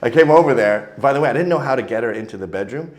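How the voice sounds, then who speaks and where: Animated storytelling man from Canada. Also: mid-range voice, rapid-fire. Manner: animated, mimics voices in anecdotes. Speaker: guest. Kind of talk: crude comic storytelling.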